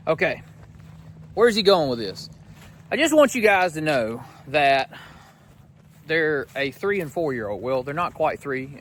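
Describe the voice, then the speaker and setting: A man's voice: on the high side, sing-song, a little slow, slight background noise. Folksy man on a farm. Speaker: farm vlogger. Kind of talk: casual farm vlog with sponsor read. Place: outdoors on a farm, by a barn.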